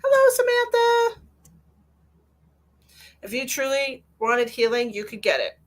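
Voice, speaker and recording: A woman's voice: fairly high pitch, moderate pace, fairly bright tone. A woman psychic medium on a live stream, answering viewer comments in a blunt, lecturing way and repeating phrases for emphasis. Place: at home with her cat.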